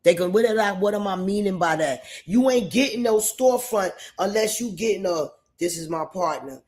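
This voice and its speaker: A man's voice: high-pitched, a little fast, a little mellow. A man from New York State hosting a livestream and giving opinions in a rambling, emphatic way, often repeating himself. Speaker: livestream host.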